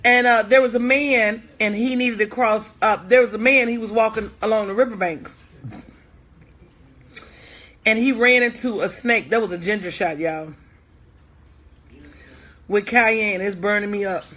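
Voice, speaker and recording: A woman's voice: fairly high pitch, a little slow, pauses often, a bit bright. A woman business coach talking casually to her online audience, folksy and candid, calling out viewers by name.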